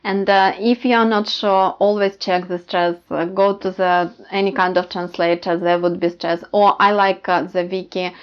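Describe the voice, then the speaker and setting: Woman teaching, flat low voice. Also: normal speed, few pauses, smooth. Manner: explanatory, many hesitations with uh. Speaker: language teacher. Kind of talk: casual language lesson. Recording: slightly dull lo-fi audio.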